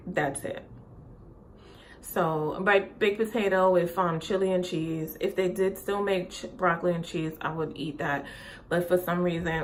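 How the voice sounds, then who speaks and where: Young woman vlogger, casual and rambling, slightly breathless, lowish voice, faint room hum behind. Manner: chatty, rambling with many fillers and restarts. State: often out of breath. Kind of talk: casual pregnancy update vlog.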